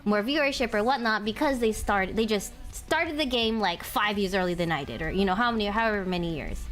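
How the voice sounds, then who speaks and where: A woman hosting a casual chat interview, chatty and giggly, with lots of quick okays. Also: mid-range voice, fairly bright tone. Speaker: interview host.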